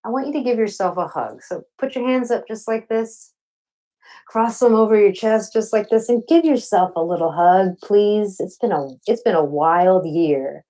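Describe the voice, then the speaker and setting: A woman from Arkansas, a poet, giving a live reading over a video call, chatting playfully between slow, rhythmic poems. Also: mid-range voice, warm tone, poor audio. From Arkansas, USA. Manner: slow, rhythmic poetry delivery. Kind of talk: poetry reading.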